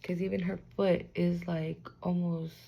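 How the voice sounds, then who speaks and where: A young woman with a lowish voice and a gravelly, fry-heavy edge talks straight to the viewer through a spiritual card reading. She keeps it loose and slangy and swears freely. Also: flat delivery, measured pace, dark tone, dull audio. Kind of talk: casual spiritual reading to camera.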